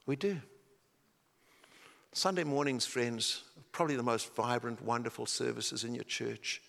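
Animated preacher in a reverberant hall. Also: male voice, mid-range voice, measured pace, vocal fry. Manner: animated, dramatic, drops to a hushed intensity. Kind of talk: sermon storytelling. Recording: long reverb of a large hall.

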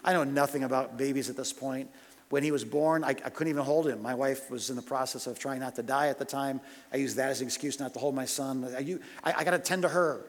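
A man preaching a sermon, swinging between loud, urgent questions and hushed, personal storytelling. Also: medium pitch, fast. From United States. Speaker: pastor. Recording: long hall reverb.

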